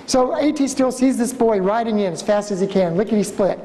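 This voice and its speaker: A man giving a storytelling conference lecture as a museum director, an animated speaker who acts out the voices in his stories. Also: high voice, brisk, background noise. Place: conference hall. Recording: reverberant lecture hall.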